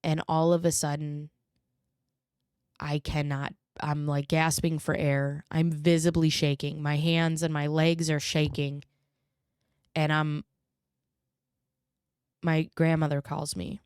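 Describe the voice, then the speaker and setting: A woman's voice: deep voice, flat delivery, slow pace, pauses often, darkish tone, smooth, dry recording, studio quality. A woman podcast host telling a personal story in an earnest, emotional way. She speeds up when the tension rises.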